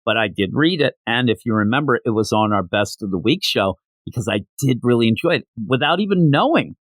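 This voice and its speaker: A man's voice: medium pitch, expressive, brisk, no echo. A man reviewing comics in a casual solo show, ranting and sarcastic, tired from not sleeping.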